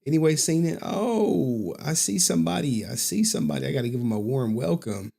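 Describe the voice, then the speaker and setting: A man's voice: medium pitch, animated, brisk, gravelly, mellow. A man hosting a casual live stream, loose and joking, who repeats his phrases and laughs often. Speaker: stream host and commentator.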